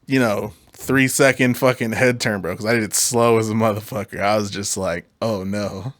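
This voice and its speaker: A man co-hosting a podcast, telling an animated, profane story in a casual chat. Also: fairly low pitch, brisk, no room sound. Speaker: podcast co-host.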